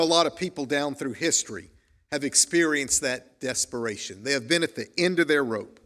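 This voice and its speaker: A man's voice: a little high, pushed and bright. A man preaching a sermon as pastor, telling stories in an earnest way and reading quotations aloud. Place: church sanctuary. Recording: long church reverb.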